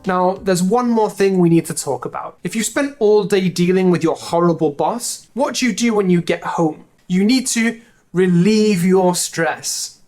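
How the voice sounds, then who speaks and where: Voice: medium pitch, a little slow, darkish tone, faint music behind. Dry-humored English teacher explaining phrases. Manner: dry, joking asides. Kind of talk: explaining a language lesson to camera.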